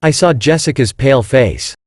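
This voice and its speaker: A man narrating a scripted first-person story in an even, unhurried reading manner. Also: mid-range voice, no room sound, studio quality.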